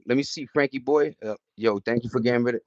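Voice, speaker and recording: A man's voice: mid-range voice, fast, no echo. Slangy middle-aged man on a lo-fi stream. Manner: slangy, loose storytelling, greets chat viewers between stories. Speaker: livestream host. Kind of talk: casual livestream chat.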